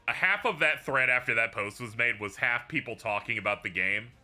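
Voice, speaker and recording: A man's voice: mid-range voice, fairly quick, bright, forceful tone, faint music behind. A man streaming a video game live, chatting casually as he reads viewers' posts aloud, laughing often and swearing freely.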